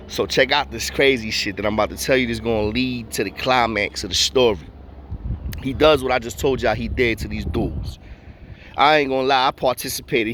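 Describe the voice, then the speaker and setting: A man's voice: mid-range voice, fairly bright tone, a little hiss or hum. A man telling a story in a casual way, full of street slang and acting out the voices of the people in it.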